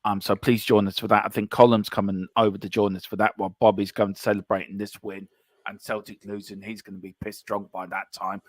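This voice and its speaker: A man's voice: fairly low pitch, a little fast, dry recording. A man appearing as a guest on a live football watchalong, chatting animatedly and joking with the host. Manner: joking, animated, puts on silly voices. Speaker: guest from a fan channel.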